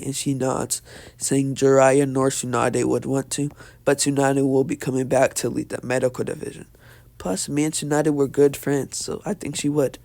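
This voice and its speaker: A man improvising a story in a halting way, with many fillers and restarts as he goes. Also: medium pitch, darkish tone, no room sound. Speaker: fan fiction storyteller.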